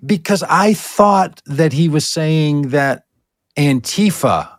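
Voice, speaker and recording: A man's voice: fairly high pitch, animated, takes it slowly, no room sound, clean studio sound. A man co-hosting a political talk show, ranting sarcastically to his co-host. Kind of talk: political commentary chat.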